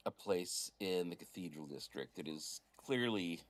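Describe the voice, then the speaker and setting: A male game master narrates a tabletop game in a deep, low voice. He rambles through scenes, pausing often with fillers as he improvises the story. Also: animated, a little hiss or hum.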